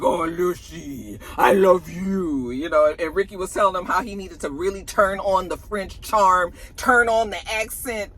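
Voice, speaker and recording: A woman's voice: mid-range voice, pushed and bright. A woman, chatting casually about celebrity gossip to her viewers in a sassy, slangy way.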